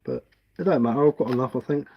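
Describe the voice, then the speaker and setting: Relaxed rambling Englishman on a stream. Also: medium pitch, quick pace, slightly rough, dull audio. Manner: relaxed, rambling, self-mocking. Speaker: live stream host. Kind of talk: casual chat while carving. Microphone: headphones with mic.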